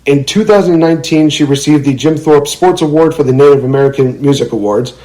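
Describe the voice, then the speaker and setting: A man's voice: fairly high pitch, a little fast, warm tone, poor audio. A young man hosting a podcast, giving playful hype-style guest introductions. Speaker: podcast host.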